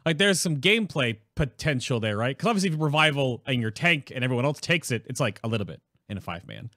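A man's voice: medium pitch, expressive, fast, pushed and bright, no echo, studio quality. A man hosting a casual chat, asking long questions while thinking aloud.

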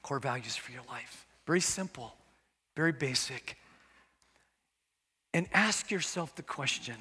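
A man's voice: medium pitch, lively intonation, unhurried, long pauses, sharp tone, breathy edge. A middle-aged man preaching a sermon as pastor, earnest and conversational, with casual asides. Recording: echoey hall with long reverb.

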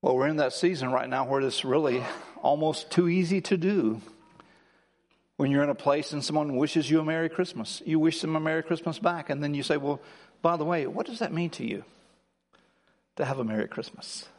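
A man preaching a Christmas sermon as pastor, swinging between emphatic, rising declarations and slow, soft reflection. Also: a little high, long reverb tail. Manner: builds to emphatic, rising lines, then slows and softens. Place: church sanctuary.

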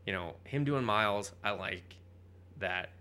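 A man's voice: lowish voice, unhurried, pushed and bright. A man co-hosting a podcast, chatting casually about comic books in a rambling, profane, joking way. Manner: rambling, profane, jokey, bursts into mock voices. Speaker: podcast co-host. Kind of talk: casual comic book chat.

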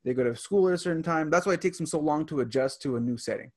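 A man's voice: a little high, rapid-fire, darkish tone. A man who works as a teacher, chatting on a podcast, reading items from a list and adding stories from his classroom. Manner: reads items aloud and adds classroom stories.

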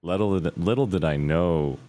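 A man's voice: sits low, normal speed, mellow. A young adult man telling a personal story in a casual, candid and rambling way, full of fillers and restarts.

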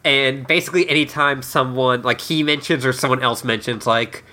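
A man's voice: mid-range voice, steady tone, moderate pace, hardly any pauses, bright, forceful tone. A man co-hosting a casual chat, giggly and hesitant, with many fillers. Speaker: podcast co-host. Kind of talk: casual chat recapping a TV episode.

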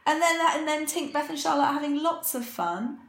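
A woman's voice: high-pitched, brisk, fairly bright tone. Chatty woman in a roomy space. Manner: chatty, recaps from her notes with filler words. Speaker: podcast co-host. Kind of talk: casual chat recapping a TV episode.

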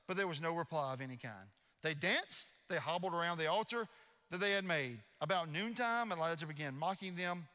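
A man preaching a sermon as pastor, telling stories in an animated, playfully mocking way. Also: high-pitched, brisk, in a large hall. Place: church sanctuary.

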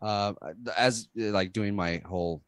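A man's voice: lowish voice, fairly even intonation, takes it slowly, clear, resonant tone, no echo. A man co-hosting a casual chat about a show, rambling and trailing off mid-sentence. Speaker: podcast co-host.

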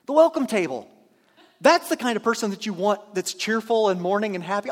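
A man's voice: sits high, sing-song, big-room sound. A man preaching a conversational sermon as pastor in a church, now and then acting out imagined churchgoers. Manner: conversational, acts out imagined churchgoers in quick asides. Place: church sanctuary.

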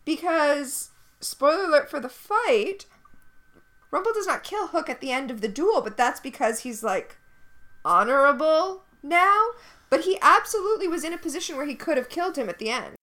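Animated, high-voiced woman co-host. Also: a little fast. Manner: animated, blunt and sarcastic. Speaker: podcast co-host. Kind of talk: casual recap chat.

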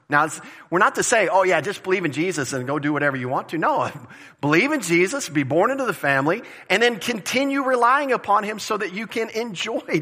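A pastor preaching a conversational, emphatic sermon, repeating phrases for stress. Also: male voice, sits high, pushed and bright, husky. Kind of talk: expository sermon.

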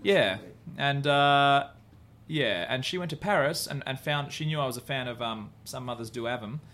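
A man's voice: medium pitch, moderate pace, a bit bright, a little hiss or hum. A man, a comedian, talking candidly as a podcast guest in a bar venue, rambling and self-deprecating with frequent restarts and the odd swear. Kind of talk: candid podcast interview chat.

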